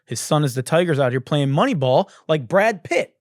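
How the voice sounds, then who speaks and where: A man hosting a comedy podcast, delivering a profane, animated ranting monologue into a close studio mic. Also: fairly high pitch, moderate pace, no echo. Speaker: podcast host.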